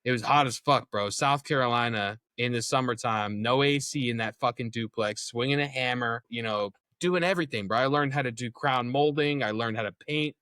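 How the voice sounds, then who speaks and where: A man's voice: mid-range voice, fairly quick, hardly any pauses, bright, forceful tone, dry recording. A young man as an interview guest, telling his story in a candid, casual way, swearing freely and acting out what others said.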